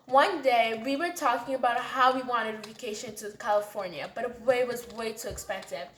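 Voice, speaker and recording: A woman's voice: fairly high pitch, normal speed, a bit bright. A woman narrating a storytime in a chatty, casual way. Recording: roomy echo.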